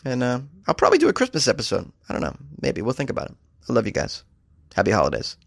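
A man's voice: medium pitch, huge pitch swings, fast talker, creaky, breathy edge, no echo, studio quality. A man hosting a comedy podcast in a casual, jokey, self-deprecating way.

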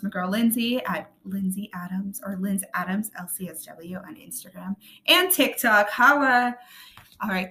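A woman with a raspy voice hosting a podcast, talking earnestly and often checking in with her listeners. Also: medium pitch. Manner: earnest, checks in with tag questions like "right?" and "okay?". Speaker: podcast host. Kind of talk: casual podcast monologue.

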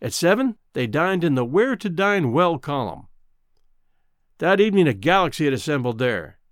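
A man narrating a classic short story aloud, with a wry, expressive delivery. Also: fairly high pitch, moderate pace, dry recording, clean studio sound. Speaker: audiobook narrator. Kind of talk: storybook reading.

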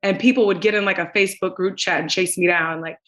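A woman guest on a podcast, telling her story in an expressive way and talking straight to the listeners. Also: fairly low pitch, quick pace, poor audio. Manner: expressive, acts out quoted voices, addresses listeners directly. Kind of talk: animated storytelling.

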